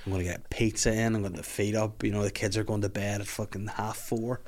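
A man's voice: lowish voice, brisk, slight background noise. A man hosting a podcast, telling sweary stories in casual chat and acting out quotes. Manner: sweary, animated storytelling with acted-out quotes. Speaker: podcast host.

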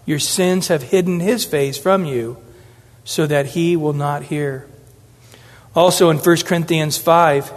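A man preaches through a Bible passage in a high voice, acting out the quoted words with shifting inflections. His voice rings with the long reverb of a large hall. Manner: animated, acts out scripture quotes with changing inflections. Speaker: pastor. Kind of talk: expository sermon.

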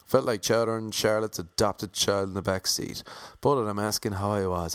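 An Irish man narrates a comic travel story, slipping in wry, deadpan asides. His voice sits fairly low, and the recording is close and completely dry, with no trace of the room. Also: moderate pace, dry recording. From Ireland.

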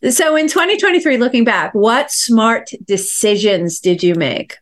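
A woman's voice: on the high side, animated, measured pace. A woman hosting a coaching chat, encouraging and guiding listeners through exercises. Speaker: host and success coach.

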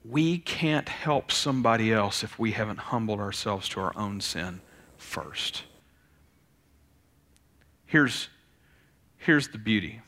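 A man, preaching a sermon in an animated, conversational way. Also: on the low side, takes it slowly, long pauses. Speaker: pastor.

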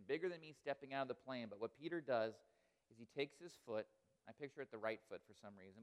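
A man's voice: medium pitch, clear, resonant tone. A man preaching a sermon, telling a story earnestly and asking rhetorical questions. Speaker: pastor. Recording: reverberant hall.

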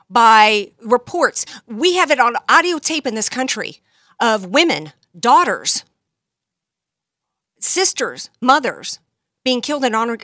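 A woman's voice: fairly high pitch, sharp tone, no room sound, clean studio sound. A woman hosting a talk show, delivering a sarcastic, combative political monologue full of rhetorical questions.

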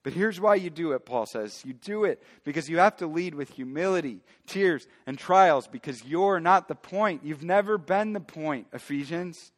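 A man's voice: on the high side, expressive, moderate pace, few pauses. Emphatic preaching man, reverberant hall. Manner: emphatic preaching, swinging between loud declarations and quiet asides. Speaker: pastor. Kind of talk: sermon.

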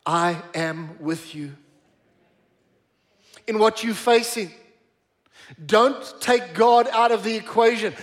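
A middle-aged man preaching a sermon in church, emphatic, repeating words for stress and slowing down on key phrases. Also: high-pitched. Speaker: pastor.

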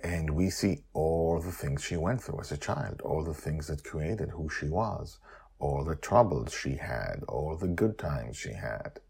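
Husky animated man narrating a story. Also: unhurried. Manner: animated, jumps to high excited character voices. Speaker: author and narrator. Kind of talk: storytelling narration with character voices and commentary.

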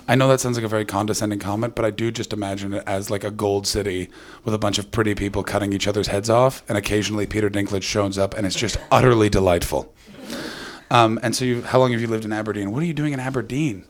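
A man's voice: on the low side, steady tone, fast talker. A man with a North American accent hosting a comedy podcast, talking in rambling, sarcastic, profane banter. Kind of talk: casual comedic chat.

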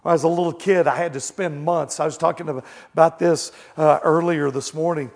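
A man with a notably high voice delivers a sermon in a relaxed, conversational way. He tells the story casually, then climbs into loud, shouted quotes. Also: a little fast, vocal fry. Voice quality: blind in one eye. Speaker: pastor.

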